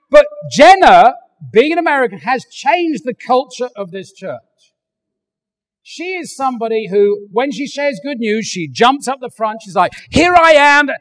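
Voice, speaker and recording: An older English man preaching a sermon, animated and joking, acting out little voices as he goes. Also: extremely high pitch, long reverb tail. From England. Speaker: pastor. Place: large church hall.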